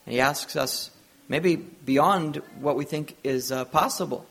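A man's voice: on the high side, measured pace, vocal fry, a bit bright, breathy edge. A man preaching a sermon, retelling a Bible story with earnest storytelling and acted-out dialogue.

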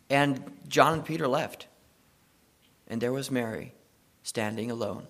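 A man preaching a sermon, retelling a story and swinging between hushed passages and emphatic ones. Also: mid-range voice, unhurried.

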